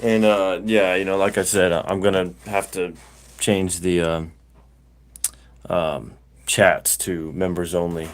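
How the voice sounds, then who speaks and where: A man's voice: low-pitched, flat delivery, unhurried. A middle-aged man, hosting a casual livestream and telling a rambling story full of fillers and restarts. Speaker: livestream host.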